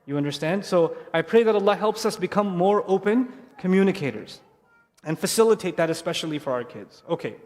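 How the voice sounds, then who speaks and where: High-voiced man preaching in a reverberant hall. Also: expressive, fairly quick. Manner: earnest and repetitive, with warm humor. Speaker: Islamic speaker addressing families. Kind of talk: sermon-style talk to a live audience. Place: large mosque hall. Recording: long reverb of a mosque hall.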